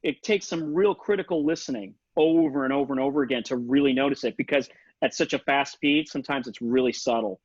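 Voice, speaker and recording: A man's voice: mid-range voice, a little fast, no echo. A man teaching saxophone in an online lesson, casual and chatty, singing rhythms and articulations with scat syllables over a video call. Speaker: saxophone instructor. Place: home setup for a virtual session. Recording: dull lo-fi video call audio.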